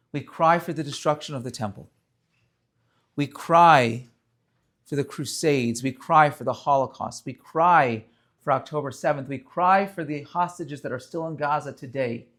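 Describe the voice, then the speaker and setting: A rabbi giving an earnest, story-filled inspirational talk to a gathering during a prayer service. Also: male voice, mid-range voice, normal speed, a bit bright. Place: room with a live audience.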